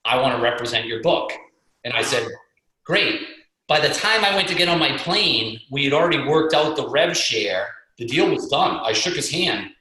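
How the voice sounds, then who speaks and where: A middle-aged man tells stories with motivational energy, voicing the people in them. His voice is bright and forceful. The call audio is heavily echoey. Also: mid-range voice, normal speed. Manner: energetic, motivational, acts out quotes. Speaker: guest speaker and fitness coach. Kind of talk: storytelling on a conference call. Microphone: video call.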